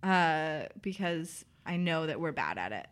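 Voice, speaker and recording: A woman's voice: low voice, sing-song, measured pace, clean tone. A young woman from the American South hosting a podcast, chatting casually and laughing easily. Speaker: podcast host. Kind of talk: casual chat.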